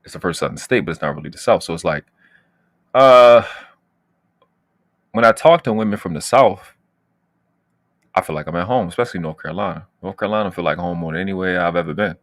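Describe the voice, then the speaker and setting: A brash man with a lowish voice hosts a casual livestream, talking straight to his chat. His talk is slangy and boastful, full of trash talk. The sound is close and dry, with no room around it. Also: a little fast, long pauses, no echo. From United States. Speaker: channel host.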